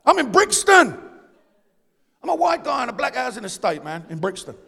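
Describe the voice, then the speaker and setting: London man preaching, very high gravelly voice, bursts into shouts then drops low, long hall echo. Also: very animated, normal speed. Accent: London English. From East London, England. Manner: impassioned, swings from shouting to low confiding talk; down-to-earth street slang. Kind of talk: sermon. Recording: long reverb of a large hall.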